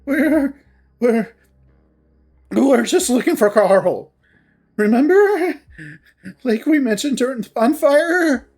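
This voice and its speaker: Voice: high voice, very animated, very slow, long pauses, faint music behind, voice pushed up, full character voice. A narrator voicing a young anxious furry character who stammers with a shaky, cracking voice. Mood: panicked.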